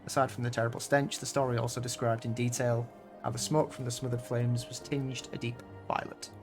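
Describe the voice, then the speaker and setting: A man voicing an earnest young male scholar from a video game in formal, measured diction, with faint game music behind him. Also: mid-range voice, flat delivery, close to an everyday voice.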